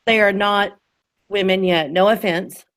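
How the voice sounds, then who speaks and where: A woman's voice: mid-range voice, steady tone, measured pace, fairly bright tone. A woman in her thirties hosting a podcast, talking in an earnest, emphatic way in casual chat. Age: 30s. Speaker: podcast host.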